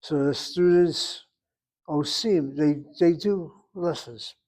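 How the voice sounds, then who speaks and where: A patient man teaching a language class, his voice sitting a little high as he walks methodically through grammar and gently corrects his students. He explains each point step by step. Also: takes it slowly. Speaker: Hebrew teacher. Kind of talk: online class instruction.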